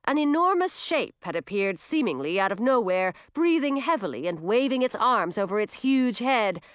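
A woman's voice: a little high, moderate pace, clean tone, no room sound. A woman reading a children's story aloud, with her voice moving freely up and down as she narrates. The recording is close and dry, with no trace of a room. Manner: lively expressive reading.

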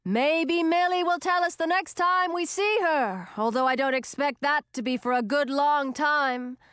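A woman voicing a loud, excitable young female witch in a storybook, gushing and drawing out her words. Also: sits high, dry recording, studio quality, voice pushed up. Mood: chatty. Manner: gushing, drawn-out.

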